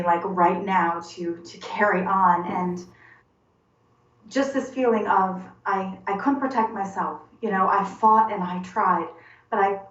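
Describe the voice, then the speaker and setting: A woman in her forties giving a personal testimony in an interview, halting and earnest, often repeating words as she searches for them. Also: medium pitch, a bit bright. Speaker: interview guest. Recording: roomy, distant and dull-sounding.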